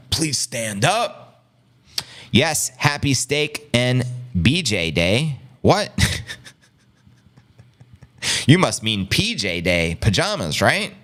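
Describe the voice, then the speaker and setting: A man with a smooth, medium-pitched voice and a New York City area accent, originally from Long Island, New York, is hosting a casual live stream. He reads out viewer chat with animated hype and refers to his audience as family.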